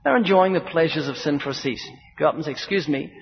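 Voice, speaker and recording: A man's voice: on the high side, lively intonation, fast, gravelly. A man preaching a sermon in an emphatic, rhythmic style, building points through repetition and acted-out dialogue. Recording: dull recording with long hall reverb.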